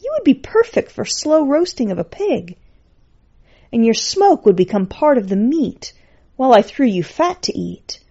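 A woman doing a high, cheeky young woman cook. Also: big pitch swings, normal speed, mellow, husky, dull audio, exaggerated voice. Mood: musing. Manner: chatty, playful, cheeky. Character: plucky young woman cook, wry and bold.

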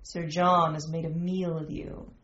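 A woman voicing a joyful medieval man who speaks in solemn, scriptural phrases, slightly lower than her narration, in a roomy, slightly dull recording. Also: flat delivery, measured pace, a bit bright, a little hiss or hum. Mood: exultant. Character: joyful, devout-sounding medieval male lover.

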